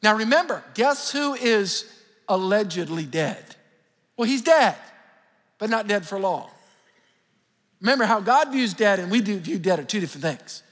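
A man's voice: high voice, animated, moderate pace, long pauses, a bit bright. A middle-aged man preaching a sermon as pastor, fervent and calling out to his congregation. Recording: long hall reverb with faint music.

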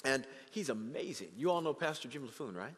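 A man preaching a sermon as pastor of his church, animated and acting out the voices of the people he quotes. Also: mid-range voice, fairly quick, long reverb tail. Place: church sanctuary.

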